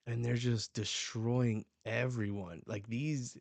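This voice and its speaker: This is a man hosting a live reaction to a comic chapter, his voice sitting on the low side. He speaks in a slow, stretched-out way, yet his slang and broken-off phrases keep it excitable. The sound is close and dry, with no room ring. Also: creaky, dry recording. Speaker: manga reaction host. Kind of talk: casual live reading reaction.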